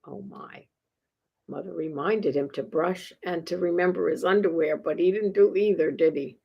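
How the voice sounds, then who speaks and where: With a low, creaky, husky voice at a moderate pace, a woman reads a picture book to young children, and the recording has its highs cut off. She's a playful, chuckling storytime reader who regularly asks her listeners questions.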